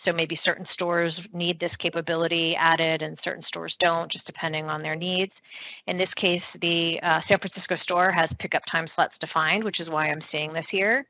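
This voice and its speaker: A woman presenting a software product demo, explaining features step by step in a steady way with some fillers. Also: on the low side, normal speed, narrow, tinny audio.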